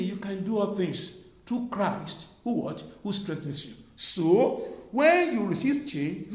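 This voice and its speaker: A male preacher delivers an emphatic sermon in a high voice. His pitch swings widely as he repeats his points and fires rhetorical questions. The sound rings in an echoey room. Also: a little mellow.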